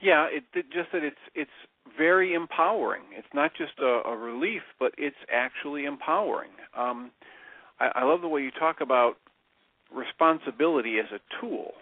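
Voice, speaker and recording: A man talking as a radio show guest, sincere and a little halting, restarting his sentences. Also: a little high, lively intonation, no room sound. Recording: dry phone-line sound.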